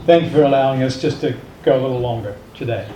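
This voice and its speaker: A man's voice: mid-range voice, fast talker, dark tone. A man, a pastor, closing the service with a solemn benediction. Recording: echoey room, far from the mic, faint noise.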